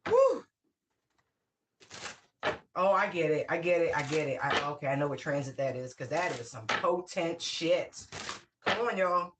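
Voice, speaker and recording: A tarot reader gives a casual spiritual reading, emphatic and outspoken, repeating her phrases, swearing freely and letting out excited whoops. Her voice is low, she speaks at a normal speed, and the background is noisy.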